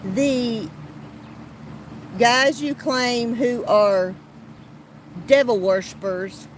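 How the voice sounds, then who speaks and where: A woman hosts her podcast in a slow, unhurried voice that is plain and outspoken. She restarts her sentences often and swears when she gets heated. Faint traffic noise sits behind her. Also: fairly high pitch, rough recording. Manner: blunt and heated, with frequent restarts and profanity. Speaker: podcast host. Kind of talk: casual commentary podcast.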